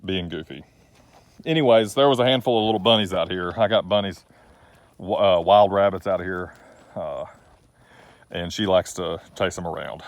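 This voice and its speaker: Middle-aged man, low voice, folksy and rambling, dry recording. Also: moderate pace, long pauses, no echo. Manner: folksy, rambling, self-deprecating. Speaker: trucking business owner vlogger. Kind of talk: rambling casual vlog. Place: outdoors.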